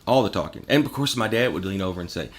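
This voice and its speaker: A man's voice: low-pitched, fast. A man guest on a podcast, telling rambling, profane stories in casual chat. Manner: rambling, profane, animated storyteller.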